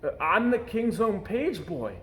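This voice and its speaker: A man's voice: sits high, sing-song, unhurried, fairly bright tone, pitched above the performer's own voice, exaggerated voice. A timid young page boy from a storybook , as a man puts him on, stammering in a raised, boyish voice. The sound is roomy.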